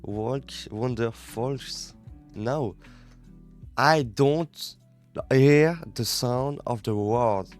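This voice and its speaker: A French native with a French accent works through English lessons aloud on a study live stream, breaking off to repeat words for pronunciation practice. He speaks in a mid-range voice. Soft music plays in the background.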